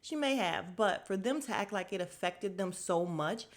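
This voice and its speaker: A woman's voice: medium pitch, moderate pace. Sassy woman recapping reality TV. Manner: animated, sassy, mocks people's quotes in put-on voices. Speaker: podcast host. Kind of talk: casual TV recap commentary.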